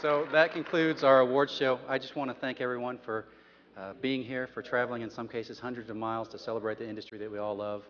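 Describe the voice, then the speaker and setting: A man's voice: medium pitch, fairly even intonation, fast talker, a bit bright, highs cut off. A man hosting an award banquet, giving brief closing thanks to the audience. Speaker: host of the award show. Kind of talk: closing remarks.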